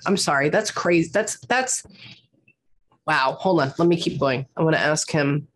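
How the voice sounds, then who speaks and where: A woman's voice: lowish voice, lively intonation, normal speed, slight background noise. A woman working as a psychic medium, emotionally relaying messages from spirits in quoted speech during a reading session.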